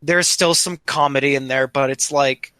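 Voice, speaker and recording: A man's voice: medium pitch, fairly even intonation, normal speed, pushed and bright, no echo. A man co-hosting a casual podcast, explaining things thoughtfully and hesitantly, with many ums. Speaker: podcast co-host.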